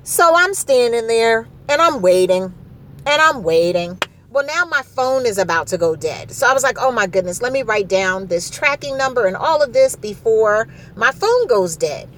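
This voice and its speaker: A middle-aged woman telling a story in a casual, animated way, exasperated and repeating herself for effect. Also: a little high, normal speed, a little hiss or hum, low-quality recording.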